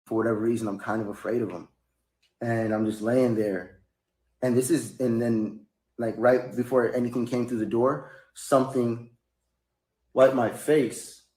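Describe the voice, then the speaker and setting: A man telling a long personal story in a casual, rambling way, sometimes rising into high, loud bursts. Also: steady tone, measured pace. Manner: rambling, rising to high-pitched outbursts when quoting himself. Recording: echoey room.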